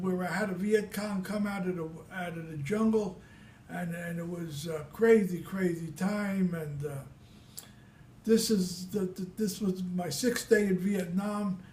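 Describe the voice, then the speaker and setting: A man's voice: high voice, fairly even intonation, measured pace, dark tone, a little hiss or hum. An older man from Brooklyn, telling his war stories in a rambling, repetitive way. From Brooklyn, New York. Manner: rambling and repetitive, with many restarts. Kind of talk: casual spoken storytelling. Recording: echoey room.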